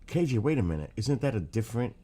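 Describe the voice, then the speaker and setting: A man's voice: mid-range voice, sing-song, fast talker, mellow. A middle-aged man with a New York accent, chatting casually on a morning livestream and greeting viewers by name as he rambles. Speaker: livestream host.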